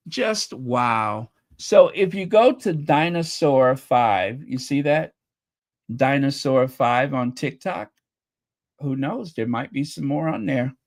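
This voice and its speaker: A channel host reacts to video clips with casual, chatty commentary, his mid-range voice a bit bright. He's openly emotional and often repeats himself, and his voice is getting a little strained.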